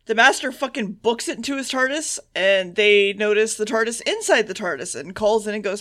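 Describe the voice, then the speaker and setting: Brief: podcast co-host, woman, bright tone, rambling swear-laced recaps with voiced asides. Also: on the high side. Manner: loose, swearing, mimics characters in quick asides. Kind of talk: casual episode recap.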